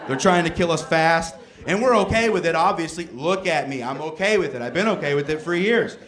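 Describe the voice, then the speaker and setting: A man doing a stand-up comedy set on stage, telling a story in an animated way and acting out the voices. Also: fairly high pitch, a little fast.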